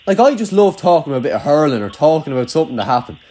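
A man's voice: on the high side, sing-song, racing, dark tone. A young man with a rural Irish accent, chatting casually, swearing freely and rambling with lots of "like". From Ireland. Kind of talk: casual chat.

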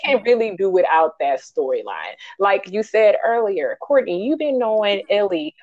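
A woman co-hosting a podcast, reviewing a film in casual chat, animated and ranting, acting out quotes in high voices. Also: moderate pace, lo-fi sound. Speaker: podcast co-host.

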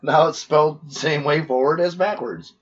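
A wisecracking man co-hosting a podcast, his voice husky and a bit breathy. He riffs on jokes and lets his sentences trail off. The recording is dull and lo-fi. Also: on the high side, normal speed. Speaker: podcast co-host. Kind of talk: casual joking banter.

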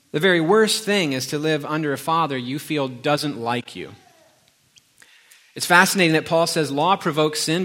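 A man's voice: a little high, a bit bright. A middle-aged man preaching a sermon, telling a family story and acting out the dialogue in a conversational way. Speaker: pastor.

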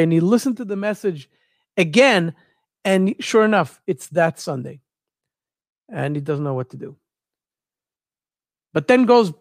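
High-voiced man retelling a story. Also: normal speed, pauses often, dry recording, studio quality. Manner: searches for words, repeats phrases, animated retelling. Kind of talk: casual storytelling.

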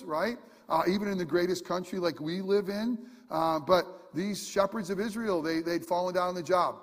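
A man's voice: sits high, husky, in a large hall. A man preaching a sermon, earnest and emphatic, talking conversationally with fillers and restarts. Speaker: pastor.

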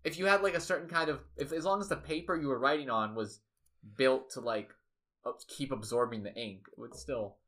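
A man's voice: mid-range voice, fairly bright tone. A young man casually improvising a silly story with a friend, rambling and restarting his sentences. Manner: rambling, restarts, quick asides.

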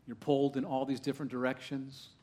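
Animated male preacher peppering his congregation with questions. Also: medium pitch, quick pace. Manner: swings from hushed asides to loud, rising exclamations. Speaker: pastor. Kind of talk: sermon. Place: church sanctuary with a live congregation.

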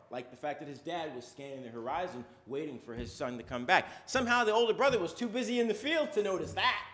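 A man's voice: sits high, fairly bright tone. A male preacher giving a sermon in a conversational, storytelling way with frequent asides.

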